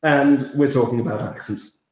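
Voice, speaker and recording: A man's voice: medium pitch, fairly even intonation, moderate pace, a little mellow. A chatty man hosts an online pub quiz from a room at his parents' home. He talks casually with plenty of ums and false starts as he answers viewer comments. The sound is very echoey and a little dull. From England. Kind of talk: casual livestream chat.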